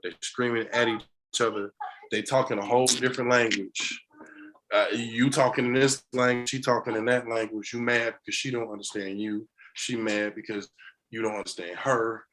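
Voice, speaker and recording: A man talking as a podcast guest in a casual conversation, an animated storyteller who laughs often. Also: medium pitch, normal speed, slight background noise, low-quality recording.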